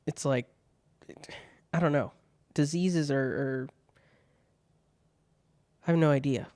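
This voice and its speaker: Chill guy going through bad jokes, swears a lot, dry close mic, kinda high voice. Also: slow pace, a little mellow, dry recording. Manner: laid-back, swears freely, laughs at bad jokes. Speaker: podcast host reading viewer questions. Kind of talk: casual solo chat.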